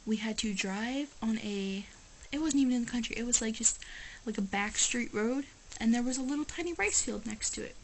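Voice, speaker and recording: A woman's voice: a little high, fairly quick, slight background noise, poor audio. A woman vlogging to camera, talking casually in an emphatic, exasperated way with lots of "like"s. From United States. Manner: exasperated, emphatic, chatty with many "like"s. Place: living in Japan.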